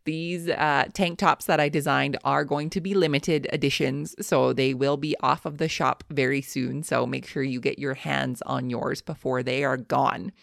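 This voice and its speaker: Woman, podcast host, upbeat, gushing, vocal fry, dry sound. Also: very deep voice, fairly even intonation, normal speed, hardly any pauses, no echo. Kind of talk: podcast interview and outro.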